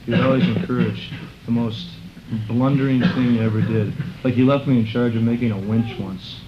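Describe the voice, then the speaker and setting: A man's voice: mid-range voice, fairly even intonation, normal speed. A middle-aged man telling casual stories in a rambling way, using many fillers and acting out quotes in a raised voice. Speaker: interviewee recalling a friend. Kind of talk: casual storytelling. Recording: muffled recording with clear background noise.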